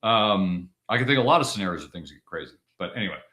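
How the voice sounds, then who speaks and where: A man's voice: sits low, lively intonation, fast talker, sharp tone. A man co-hosting a casual podcast discussion, talking emphatically and driving points home by repeating them, with frequent restarts. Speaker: podcast co-host.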